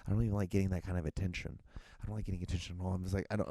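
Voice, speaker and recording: Young guy rambling on his solo podcast, swears a lot, lowish mellow voice. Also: flat delivery, very fast. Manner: rambling, restarts often, swears casually. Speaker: podcast host.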